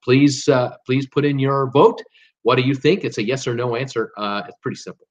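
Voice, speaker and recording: Speaking briskly in a steady, mid-range voice, a Canadian man rambles through a live cruise show full of filler words and self-deprecating chatter. The casual live-stream audio is lo-fi.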